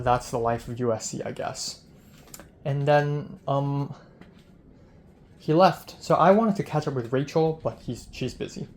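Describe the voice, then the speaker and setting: A young man of middling pitch tells his day in a loose vlog diary, rambling through it with a steady stream of "like" and acted-out snippets of what people said. He is a film student talking straight to the camera, with a faint hiss underneath. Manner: rambling storytelling full of "like" and retold dialogue.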